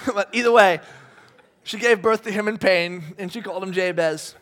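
Reading scripture to his congregation, a man delivers a casual sermon full of jokes, frequent laughter and acted-out voices. His voice sits high and is slightly bright, and he speaks a little slowly with long pauses.

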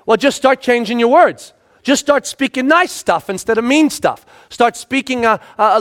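High-voiced male pastor telling a story. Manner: expressive, swings between loud emphasis and hushed tones. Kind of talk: storytelling sermon.

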